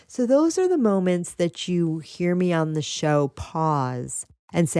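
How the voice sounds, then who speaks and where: Low-pitched lady chatting on her podcast, lots of little laughs, dry mic. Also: measured pace, hardly any pauses, dry recording. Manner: chatty, laughs often, lively asides. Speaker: podcast host. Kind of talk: casual spiritual podcast monologue.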